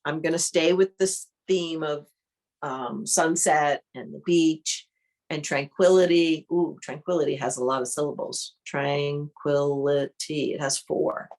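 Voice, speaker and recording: A woman with a notably low voice leads an art workshop in a slow, unhurried way. She talks through each step calmly as she demonstrates it. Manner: calm, unhurried, thinks aloud while demonstrating. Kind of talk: online interactive workshop teaching.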